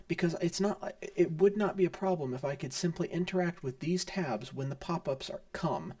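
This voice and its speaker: A man's voice: on the high side, expressive, moderate pace, a little mellow, distant mic. A man giving casual commentary over a strategy game, rambling, thinking aloud and grumbling about the interface. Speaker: strategy game let's player.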